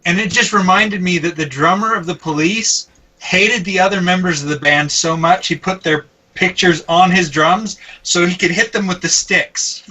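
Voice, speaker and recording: A man co-hosting a casual podcast, reading out a listener's email with halting restarts and frequent laughs. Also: sits high, sharp tone, far from the mic, low-quality recording. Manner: halting, laughs often, stumbles over words.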